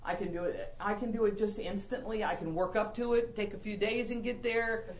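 An older woman teaching from the Bible with a mid-range voice, full of animated, self-mocking stories. Her delivery rises and falls as she leans into the humor. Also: medium pitch, a little fast, low-quality recording.

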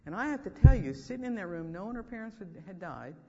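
A man giving a sermon as a school chapel speaker, telling stories in an animated way and acting out what people said. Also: sits high, fast talker. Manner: animated storytelling with acted-out quotes. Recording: dull lo-fi hall recording.

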